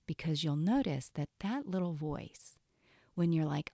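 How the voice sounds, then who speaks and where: A woman's voice: sits low, expressive, normal speed, gravelly, dark tone, no room sound, studio quality. A woman coach giving an earnest teaching talk on self-care, often asking "right?".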